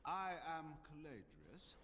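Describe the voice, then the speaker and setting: An actor playing a condescending, scheming male slaver in video game dialogue, smooth and patronizing. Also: a little high, wildly swooping pitch, slow pace, sharp tone, exaggerated voice. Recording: long hall reverb, faint noise.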